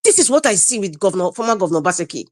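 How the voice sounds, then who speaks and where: A woman's voice: mid-range voice, big pitch swings, very fast, darkish tone, dry recording. A woman with a Nigerian accent speaking as a panelist on a video call, giving impassioned political commentary, indignant and emphatic, repeating her phrases.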